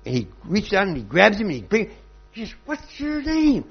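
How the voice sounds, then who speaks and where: A man voicing a stern, commanding ancient conqueror-king, raising his pitch to bark demands and then slowing down for stern warnings. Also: very animated, gravelly, husky, highs cut off, exaggerated voice. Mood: demanding. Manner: shouting then slow and stern.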